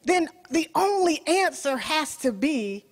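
A woman's voice: high voice, very animated, slow pace, in a large hall. A woman preaching a sermon, telling a story with animation and speaking straight to her listeners.

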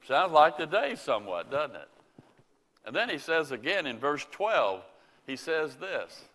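A man preaching a sermon in slow, deliberate phrases, his voice bright and ringing. His earnest delivery swells into pleading questions, and the sound carries a long reverberant hall tail. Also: fairly high pitch, big pitch swings. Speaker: pastor. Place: Indianapolis area.

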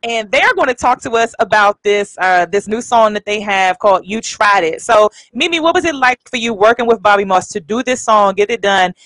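Brief: easygoing host, mid-pitched voice, dry close sound. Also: lively intonation, a little fast, hardly any pauses, fairly bright tone, no room sound, poor audio. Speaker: radio show host. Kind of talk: live show hosting.

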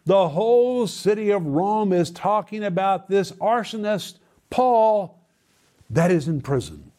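Man preaching with a dark mellow voice. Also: expressive, slow pace. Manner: preaching with dramatic pitch swings; addresses listeners as "my friends". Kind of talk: sermon.

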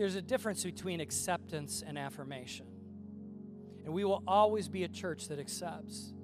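A man with a high voice preaches a sermon to his church. He drops to quiet, low asides, then builds into loud, impassioned pleading. Clear music plays behind him the whole time. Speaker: pastor.

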